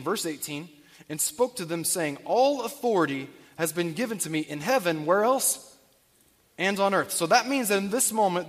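A man with a high, light voice preaches a sermon, working through scripture and asking his listeners questions. His voice rings with a long reverb from a large church hall. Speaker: pastor. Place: church sanctuary.

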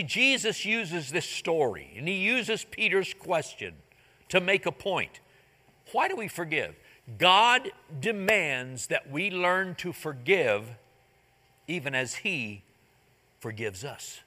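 A male pastor delivers a sermon in a high, bright voice. He retells a parable casually and slips into its characters' voices. The sound carries a long hall reverb. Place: church sanctuary.

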